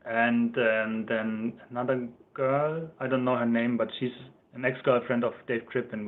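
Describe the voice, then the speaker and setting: A German-accented man hosts a casual livestream, rambling from one thought to the next and chuckling as he goes. His voice sits at an ordinary middle pitch. The sound comes through thin and tinny, as if over a phone line. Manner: chatty, rambling, laughs often, reads out chat comments. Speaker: livestream host.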